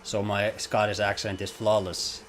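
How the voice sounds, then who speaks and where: A man's voice: fairly low pitch, little pitch movement, normal speed, a bit bright, a little hiss or hum. A man streaming a video game, rambling casually to chat, swearing and laughing at himself as he plays. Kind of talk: casual gameplay commentary.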